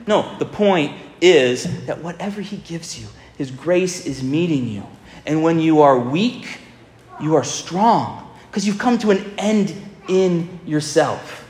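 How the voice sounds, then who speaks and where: A man preaching a sermon in a storytelling manner, speeding up and slowing right down for emphasis. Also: mid-range voice. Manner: storytelling, shifting between fast and drawn-out. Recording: echoey hall with long reverb.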